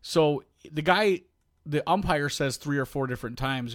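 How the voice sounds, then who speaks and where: Middle-aged male podcast co-host, lively storyteller who imitates others, slightly high voice, dry close mic. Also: normal speed, no echo. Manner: animated storyteller, acts out quoted voices. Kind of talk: casual storytelling chat.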